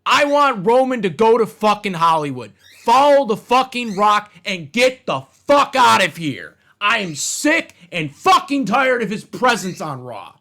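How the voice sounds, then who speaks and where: A man with a rather high voice delivers a heated, profanity-laced rant. He keeps circling back to the same complaints, stressing each with blunt, repetitive outbursts. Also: very animated, measured pace, few pauses, bright, forceful tone. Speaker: wrestling commentator ranting on his channel. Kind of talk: angry rant.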